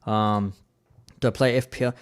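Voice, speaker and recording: A man with an Australian accent, chatting casually on a live stream in a relaxed, rambling way with plenty of fillers. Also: on the low side, normal speed, clean tone.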